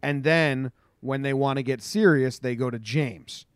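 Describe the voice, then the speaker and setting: A young man talks easily with a friend in casual conversation. His mid-range voice is smooth and close with no room echo. He asks questions and lets his thoughts ramble. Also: medium pitch, unhurried. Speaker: podcast co-host. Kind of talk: casual chat.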